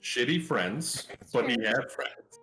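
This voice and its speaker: A man guesting on a casual chat, talking quickly and enthusiastically in long run-on sentences. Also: mid-range voice, expressive, over music.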